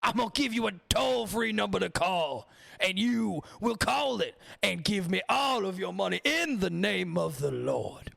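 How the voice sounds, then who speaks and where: Brief: greedy televangelist preacher, put on by a man, high, booming, drawn-out pleading for money. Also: lively intonation, vocal fry, fairly bright tone, exaggerated voice. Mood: theatrical pleading. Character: greedy over-the-top male televangelist preacher. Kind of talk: mocking sermon impression.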